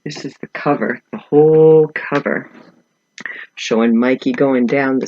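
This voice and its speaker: A woman author reading her picture book aloud to children, gently asking them questions as she goes. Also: a bass voice, a little slow, muffled recording, background noise. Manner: animated storyteller.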